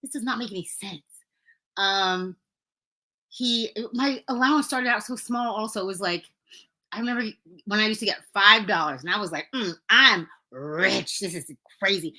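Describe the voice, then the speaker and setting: A young woman hosting a podcast, telling childhood stories in a casual, animated way, laughing and acting out quotes. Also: fairly low pitch. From Brooklyn, New York. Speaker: podcast host. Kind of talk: casual storytelling.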